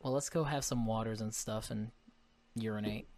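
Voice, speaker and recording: A woman's voice: extremely low pitch, fairly even intonation, normal speed, a crowd in the background. A woman from Connecticut hosting a podcast in casual, profane, rambling chat, a bit tipsy. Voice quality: laid-back, profane, rambling. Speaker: podcast host.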